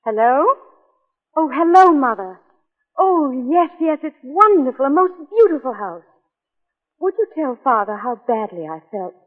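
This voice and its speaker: A heartfelt young society wife with a high, expressive voice that rises and falls widely. She sounds earnest and tender. The broadcast is thin and tinny, with a long reverb. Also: unhurried. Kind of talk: 1940s radio acting.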